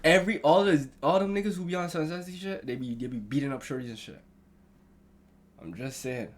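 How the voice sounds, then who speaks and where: A male streamer reacts to a video in loose, casual chat. He is excitable and swears freely, and his voice sits a little above the usual male pitch. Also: a little fast, slight background noise.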